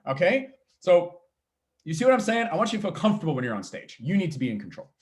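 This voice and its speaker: A man coaching founders on pitching, talking fast and energetically, checking in constantly with "okay?" and "all right?". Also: big pitch swings. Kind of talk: workshop talk on pitching.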